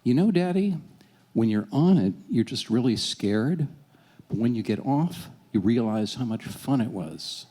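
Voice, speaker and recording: A man in his sixties quoting his young daughter as she gently coaxes her father after a scary ride. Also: mid-range voice, animated, a little slow. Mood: encouraging. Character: cheerful young daughter coaxing her dad.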